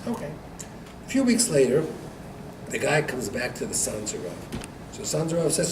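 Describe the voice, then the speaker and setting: A man, a rabbi, teaching a Torah class to students, telling a story with lively acted-out dialogue and frequent laughter. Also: mid-range voice, normal speed, pauses often. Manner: animated joke-telling, acting out dialogue, laughs often. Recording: echoey room recorded from far off, noisy.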